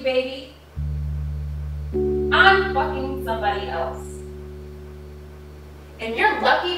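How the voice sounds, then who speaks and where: A woman's voice: high-pitched, sharp tone, full character voice. An actress playing a wife who coldly and defiantly confronts her cheating, abusive husband in an indie film drama. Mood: icy. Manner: cold, defiant and cutting. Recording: roomy echo, voice from a distance, faint music.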